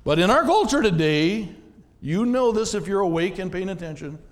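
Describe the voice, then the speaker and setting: A man's voice: high-pitched, lively intonation, normal speed, in a large hall. A man, a pastor, preaching a sermon in a conversational way, often asking the congregation questions.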